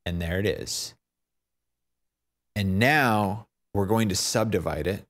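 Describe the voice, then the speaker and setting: A man talking through a software tutorial, thinking aloud, fumbling and poking fun at himself. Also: on the low side, slow pace, long pauses. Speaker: tutorial maker. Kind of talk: unscripted screen-recorded tutorial.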